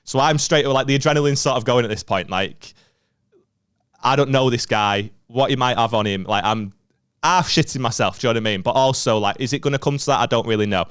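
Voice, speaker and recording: A northern English man tells a long story at a rapid clip, full of swearing and acted-out quotes. He sits close to a dry, deadened mic in casual podcast chat. His pitch stays in an ordinary middle range. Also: fairly bright tone, clear, resonant tone, no room sound. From northern England. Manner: rapid anecdotal storytelling, swearing freely, acting out quoted lines. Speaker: podcast co-host.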